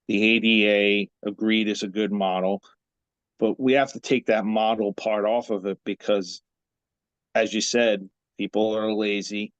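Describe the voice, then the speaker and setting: A male dental association president giving measured answers in an interview and asking rhetorical questions. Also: fairly low pitch, no echo.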